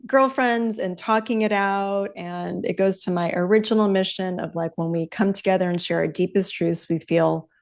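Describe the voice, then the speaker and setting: An upbeat woman in middle age hosts a casual podcast chat. She talks in a candid, rambling way and is loose with her language, with an ordinary mid-height pitch for a woman. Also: moderate pace, creaky, few pauses. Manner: chatty, upbeat, loose with profanity. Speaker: podcast host.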